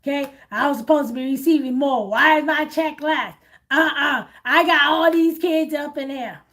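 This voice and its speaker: A woman's voice: high-pitched, normal speed, a bit bright. A woman mimicking a fed-up woman client who complains about her money. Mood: indignant. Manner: complaining, indignant.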